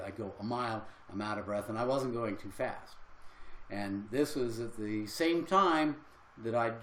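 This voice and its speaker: Older male health coach, chatty and earnest, mid pitch, roomy sound. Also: a little hiss or hum. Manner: earnest, conversational, rambling with fillers. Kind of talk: casual livestream talk.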